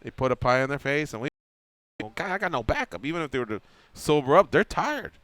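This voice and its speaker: A man's voice: on the high side, quick pace, no echo. A man hosting a radio show, telling a long anecdote in casual chat and acting out the quotes. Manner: animated storyteller acting out quotes. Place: radio studio.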